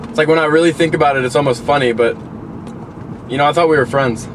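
A young man in a car giving his dog a deadpan, mock-betrayed scolding, as if she were a person. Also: a little high, fast. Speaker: dog owner. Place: inside a parked car. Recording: noisy car interior.

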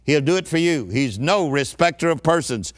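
A man's voice: a little high, animated, moderate pace. An older man preaching with a fervent, rousing delivery and a slightly raised voice. He stresses his points and keeps calling on the listeners to repeat after him. His style is that of a church sermon. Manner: emphatic call-and-response preaching.

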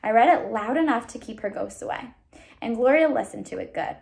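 A woman reading a children's novel aloud, pausing to explain words to listeners. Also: a little high, animated, gravelly, darkish tone. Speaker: reader.

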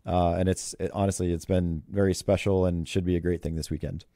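Chatty golf coach man, dark voice. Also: low voice, level tone, a little fast, no room sound, studio quality. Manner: chatty, laughs often while telling stories. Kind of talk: interview storytelling.

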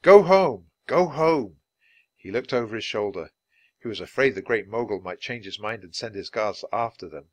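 A man reading a children's chapter book aloud in a clear, measured, lively way. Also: fairly low pitch. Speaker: storybook reader.

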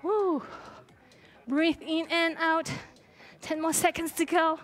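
A woman's voice: very high-pitched, little pitch movement, unhurried, a bit bright. A woman fitness instructor coaching a live workout, encouraging and cheering her class on while out of breath. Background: faint music.

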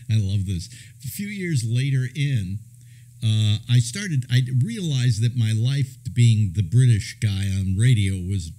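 Poor audio carries the dark, medium-pitched voice of an older California man who hosts radio. He meanders through anecdotes, chuckling and restarting often.

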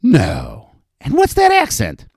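A man's voice: on the high side, huge pitch swings, slow, creaky, darkish tone, husky, dry recording, studio quality, voice pushed up, exaggerated voice. A man reading an audiobook, voicing a flirtatious, brassy frontier brothel madam in a raised, teasing voice. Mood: scolding.

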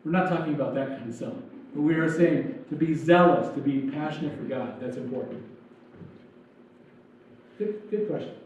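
Male pastor, high mellow tone, chatty joking sermon, distant dull recording. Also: lively intonation, normal speed, pauses often, slight background noise. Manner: conversational, jokey preaching with acted-out asides. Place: church sanctuary. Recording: echoey church hall, distant dull mic.

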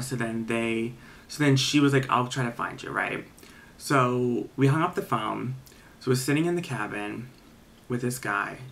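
A man's voice: mid-range voice, creaky, a bit bright, a little hiss or hum. A young man casually telling a scary story, rambling and filling his talk with "like". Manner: rambling, filler-heavy, lots of "like".

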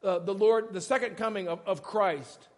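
A man's voice: high voice, moderate pace. A male pastor preaching a sermon in a conversational, emphatic way, often stopping to ask questions. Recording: echoey church hall.

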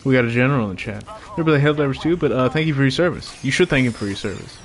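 A young man streaming a game with viewers, chatting casually, cursing often and shouting when excited. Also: mid-range voice, racing. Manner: profane, joking, bursts of excited shouting. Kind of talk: casual gaming livestream chat.

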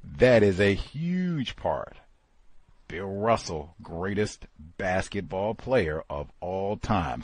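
A man's voice: sits low, darkish tone, breathy edge, dry recording. A man hosting a book club session, reading a memoir aloud with emphatic, exclaiming commentary. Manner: emphatic, exclaiming, conversational asides.

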